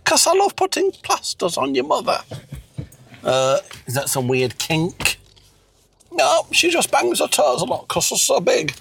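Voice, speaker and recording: A man voicing a doddering elderly husband with a high, warbling voice and shouty outbursts. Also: wildly swooping pitch, unhurried, gravelly, a little hiss or hum, exaggerated voice. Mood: flustered. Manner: high warbling, shouty bursts, mangled French.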